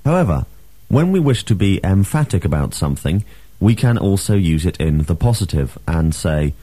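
Deep, lively-voiced male language teacher. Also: no echo. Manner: slow, clear, emphatic teaching delivery. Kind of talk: scripted language lesson drill.

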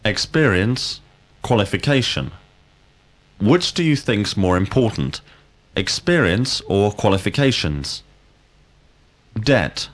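Slow, deliberate male teacher. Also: lowish voice, sing-song. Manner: slow, deliberate, clearly enunciated questions. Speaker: language teacher. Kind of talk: scripted drill lesson.

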